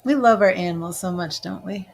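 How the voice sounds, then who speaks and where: A woman's voice: on the low side, a little fast, creaky. A woman giving live psychic medium readings, chatty and emotional, with many fillers. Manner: emotional, gushing, tearful at times. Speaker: tarot reader and psychic medium.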